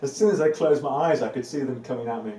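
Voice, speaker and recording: Giving a live evening talk to a group indoors, a spiritual teacher speaks earnestly and fast, repeating words for emphasis and laughing lightly now and then. His voice is medium-pitched with a warm tone. He's recorded on a distant mic, off-mic in an echoey room with faint ambient noise.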